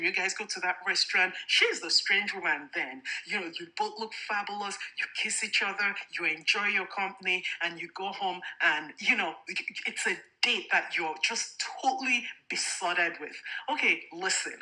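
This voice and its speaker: Forceful, bright-voiced woman giving frank talk. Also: medium pitch, poor audio. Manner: frank and emphatic, with rhetorical questions. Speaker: podcast host. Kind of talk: casual faith-based relationship talk.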